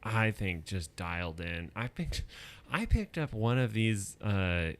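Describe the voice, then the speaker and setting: A man's voice: lowish voice, big pitch swings, takes it slowly. A man chatting casually as a guest on a live podcast recorded in a bar, easygoing and knowledgeable.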